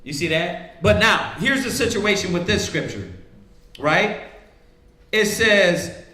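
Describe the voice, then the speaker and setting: A man's voice: high-pitched, animated, slow pace, sharp tone, reverberant. A man preaching in a casual, conversational way, often asking "right?" and acting out the voices of the people he quotes. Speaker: priest teaching scripture.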